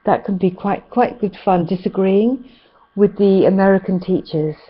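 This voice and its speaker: A British woman leads an online English lesson, chatty and full of ums. Her voice sits at an ordinary pitch. The call audio comes through slightly muffled. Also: moderate pace. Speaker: English teacher. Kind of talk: online class teaching.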